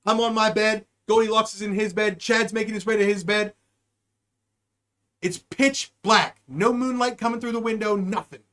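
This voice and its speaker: A man hosting a live show, telling a story in a loose, profane way, speeding up and then drawing his words out. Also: sits high. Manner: animated, profane, swings between quick and drawn-out. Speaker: podcast host. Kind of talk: casual storytelling.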